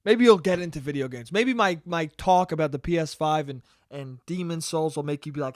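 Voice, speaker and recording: A man's voice: on the high side, a little fast, hardly any pauses, no room sound, studio quality. A young man ranting casually and profanely on his own podcast, rambling and joking. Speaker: podcast host. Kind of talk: solo casual podcast rant.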